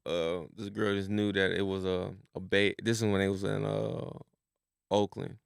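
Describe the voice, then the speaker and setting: A man's voice: sits low, flat delivery, normal speed, vocal fry, smooth, no echo, clean studio sound. A man in his thirties co-hosting a podcast, joking and rambling through stories with plenty of swearing. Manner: joking, profane, rambling storyteller. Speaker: podcast co-host. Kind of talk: casual chat.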